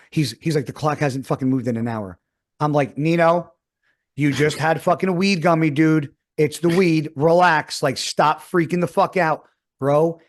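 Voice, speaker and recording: A man's voice: mid-range voice, darkish tone. A man in his thirties, a podcast host, telling a rambling story in casual chat and swearing often.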